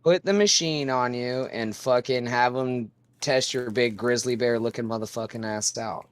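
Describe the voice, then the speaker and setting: A man's voice: medium pitch, steady tone, normal speed. A man teasing his friends with lots of swearing in a laid-back voice-call chat. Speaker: call participant.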